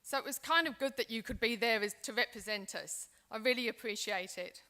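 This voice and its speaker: A woman's voice: on the high side, a little fast, bright, forceful tone. A woman playing an aging migrant mother and grandmother who chats affectionately on the phone with her family overseas. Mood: tender. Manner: chatty, affectionate, talking on the phone. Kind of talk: acted role-play in a seminar.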